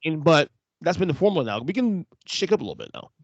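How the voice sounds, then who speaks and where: A man co-hosting a casual podcast, talking quickly with casual swearing and frequent restarts. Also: on the high side, sing-song, dry recording. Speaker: podcast co-host.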